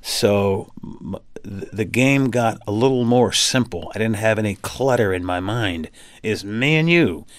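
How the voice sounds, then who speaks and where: A man with a low voice banters in an interview with playful swagger and mock threats. He sounds confident and teasing. The sound is dry and close. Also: lively intonation, measured pace, no echo.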